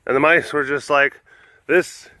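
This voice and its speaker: A man's voice: mid-range voice, expressive, a little slow, fairly bright tone, no echo. A man casually retelling old fables, rambling and full of filler words. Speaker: host. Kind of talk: casual storytelling.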